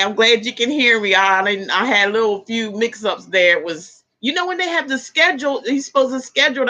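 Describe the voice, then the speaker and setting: A tarot reader hosts a casual livestream from a room at home, chatting, laughing often and greeting viewers by name while an air conditioner and fans run. Her mid-range voice sounds pushed and bright, and the recording is lo-fi.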